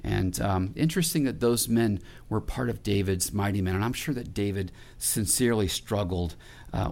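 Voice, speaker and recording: Conversational preaching pastor, man. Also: medium pitch. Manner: conversational preaching with restarts, asks the congregation questions. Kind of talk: sermon.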